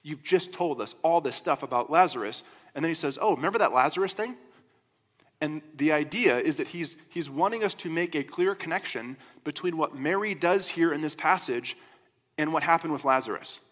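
A man preaching a sermon as a pastor, in a conversational, animated storytelling way. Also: fairly high pitch. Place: church sanctuary. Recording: long hall reverb.

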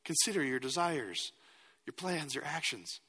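A man's voice: on the high side, big pitch swings, unhurried, bright, forceful tone, husky, big-room sound. A man preaching a sermon as a pastor, earnest and at times emphatic.

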